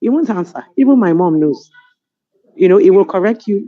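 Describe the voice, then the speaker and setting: A middle-aged Nigerian woman on a webinar panel, telling stories in an animated, amused way over a video call. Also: mid-range voice, normal speed, dry recording. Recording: dull lo-fi video call audio.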